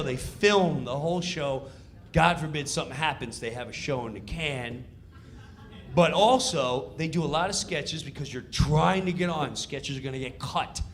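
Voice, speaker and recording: A male comedian telling a backstage story in an animated, conversational stand-up style. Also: a little high. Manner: animated, conversational, builds to punchlines.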